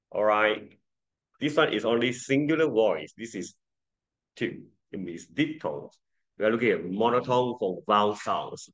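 Slow-talking male pronunciation teacher. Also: medium pitch, fairly bright tone. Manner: slow, patient drilling, repeating sounds for students. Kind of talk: classroom lesson.

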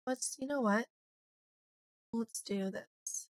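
A young woman, slightly hoarse, chatting and rambling through a let's play of a life-sim game. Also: fairly high pitch, slow pace, no room sound, clean studio sound. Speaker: gaming YouTuber.

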